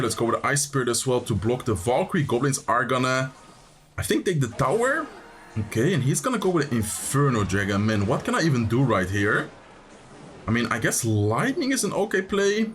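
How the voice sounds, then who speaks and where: A young man giving live commentary on his gameplay, thinking aloud, excitable and talking straight to viewers. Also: medium pitch, moderate pace, soft background music. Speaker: gaming commentator.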